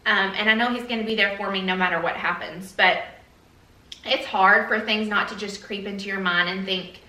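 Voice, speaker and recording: A woman's voice: mid-range voice, steady tone, moderate pace, sharp tone, recorded from a distance. Earnest woman vlogging in an echoey room. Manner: earnest, rambling with fillers. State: a little emotional. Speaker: beauty vlogger. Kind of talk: casual chat to camera.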